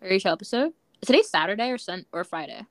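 A young woman chatting casually on a podcast, her words strung together with "like" and quick restarts. The voice sits in a middle pitch. The sound is dry and close. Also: expressive, no room sound. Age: young adult. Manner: chatty, many "like" fillers. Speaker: podcast co-host. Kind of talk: casual chat.

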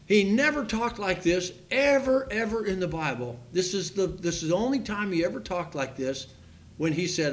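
A man preaching a sermon, reading scripture aloud and stressing key words loudly, with frequent fillers and restarts. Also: sits high, lively intonation, moderate pace. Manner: fervent, rising to loud emphasis with frequent fillers and restarts; reads scripture aloud in King James wording.

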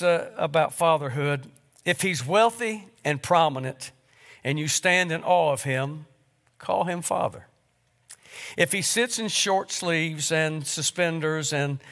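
A middle-aged man preaching a sermon, telling stories with repeated words and pauses. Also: fairly high pitch, fairly bright tone. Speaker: pastor. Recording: long hall reverb.

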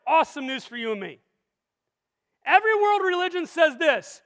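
High-voiced energetic preacher man. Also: moderate pace, pauses often. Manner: energetic, full of rhetorical questions to the congregation. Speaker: pastor. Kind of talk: sermon. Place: church sanctuary. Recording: long reverb of a large hall.

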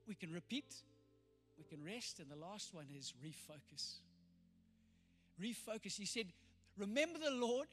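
A man's voice: high-pitched, pushed and bright. A man preaching a sermon with emphatic storytelling, acting out the people in his story. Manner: emphatic storytelling, voicing quoted figures. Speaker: pastor. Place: church hall. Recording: reverberant hall with faint music.

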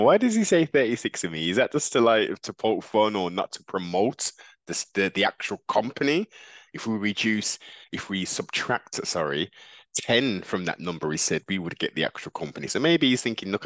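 A man's voice: lowish voice, a bit bright, no echo. A man hosting a podcast, giving rambling reaction commentary with frequent restarts. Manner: musing, digressive, frequent restarts. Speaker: podcast host.

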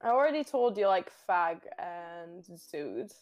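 A woman's voice: on the low side, very animated, slow, faint music behind. Chatty woman with a mixed British-Australian accent. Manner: chatty, laughs often, mixes British and Australian slang. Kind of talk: casual chat.

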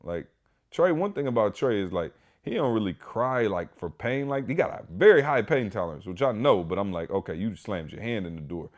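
A man hosting a podcast, telling a story in a casual, animated way, emphatic and full of "like" and "y'all". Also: lowish voice, a little fast. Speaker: podcast host.

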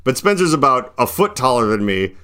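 Lively bright-voiced man telling a story. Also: mid-range voice, brisk, clear, resonant tone. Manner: animated, profane, acts out quoted people in loud bursts. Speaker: podcast host. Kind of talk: casual storytelling chat. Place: indoors, podcast recording.

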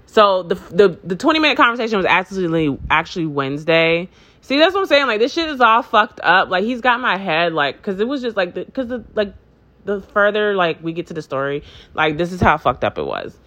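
In a fairly quick, mid-range voice, a woman launches into a casual, rambling storytime full of profanity and filler words. She's animated, voicing both sides of the conversation herself.

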